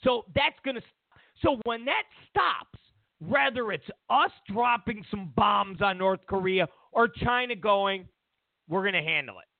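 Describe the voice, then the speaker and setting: A man's voice: high-pitched, slow, vocal fry, no echo. A man hosting a political commentary show, talking emphatically and mockingly, often repeating himself. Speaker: host. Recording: dry, tinny phone-like sound.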